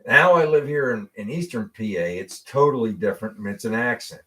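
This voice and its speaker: A man's voice: medium pitch, brisk, fairly bright tone. A middle-aged man from Western Pennsylvania hosting a casual car hobby chat. He laughs often and repeats words as he gets going. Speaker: host of a car hobby live show.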